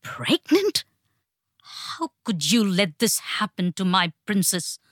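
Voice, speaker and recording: A woman reading a story, voicing an enraged, threatening middle-aged father who shouts and hollers. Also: mid-range voice, very animated, takes it slowly, no room sound, studio quality. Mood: raging.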